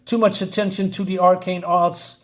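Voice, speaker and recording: A man reading out the lines of a scheming sorceress queen in a slow, solemn way, close to his own voice. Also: high-pitched, little pitch movement, a bit bright. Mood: menacing.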